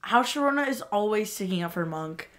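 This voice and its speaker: A woman's voice: medium pitch, animated, brisk, a bit bright. A woman co-hosting a podcast in casual chat, giggly and enthusiastic about favorite moments. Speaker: podcast co-host.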